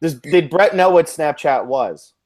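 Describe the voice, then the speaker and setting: A man's voice: on the high side, expressive, unhurried. A man co-hosting a casual interview podcast, reading listener questions aloud to the guest. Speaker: podcast co-host.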